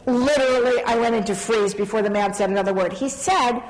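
A middle-aged woman telling a self-mocking story on a panel, animated and laughing through it. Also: fairly high pitch, a little fast. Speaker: panel speaker. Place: large conference hall. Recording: hall reverb, faint background noise.

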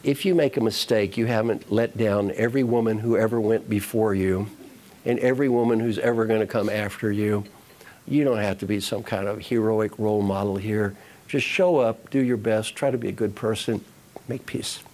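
A man's voice: on the low side, steady tone, normal speed, darkish tone. Male motivational speaker, coaxing, repeats lines, addresses crowd. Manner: repetitive, coaxing, addresses audience directly. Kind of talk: motivational talk to an audience.

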